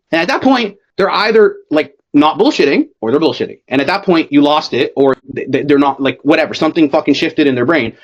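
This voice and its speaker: A man with a high, quick voice runs a sales coaching call, talking bluntly and cursing all the time. The sound is dull and lo-fi, as over a video call. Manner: blunt, swears constantly, fast and animated. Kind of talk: profane casual coaching call.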